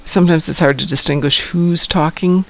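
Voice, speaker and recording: A man's voice: fairly high pitch, fairly even intonation, moderate pace, dry recording. A man hosting a live game stream, chatting in a friendly, easygoing way with teammates. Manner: chatty, friendly, laughs often. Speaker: livestream host. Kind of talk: casual gaming chat.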